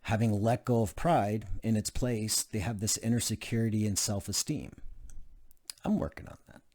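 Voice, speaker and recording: A man's voice: on the low side, moderate pace, darkish tone. A man reading aloud from a book, with casual asides and frequent fillers. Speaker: channel host reading a self-help book.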